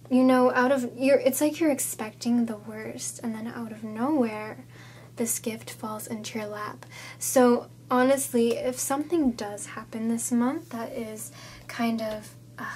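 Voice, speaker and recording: A woman's voice: on the high side, a little mellow, a little hiss or hum. A woman giving a casual tarot reading, thinking aloud in a chatty, goofy manner. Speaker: tarot reader.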